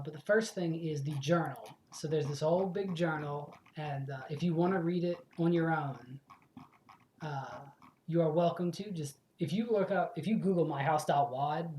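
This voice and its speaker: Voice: mid-range voice, mellow, roomy sound. A let's play host in casual commentary, rambling, swearing freely and correcting themself as they go.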